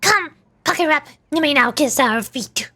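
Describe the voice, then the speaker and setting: A woman's voice: high-pitched, expressive, normal speed, sharp tone, soft background music, full character voice. Woman reading as a pompous little dragon lord. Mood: haughty. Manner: grandiose, commanding. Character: pompous tiny male dragon lord, haughty. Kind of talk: reading game dialogue aloud.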